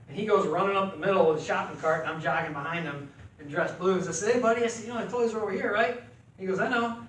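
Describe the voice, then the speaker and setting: A middle-aged man telling an animated, folksy story at a club meeting. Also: fairly high pitch. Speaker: club member. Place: meeting room. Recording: echoey room from far off, faint noise.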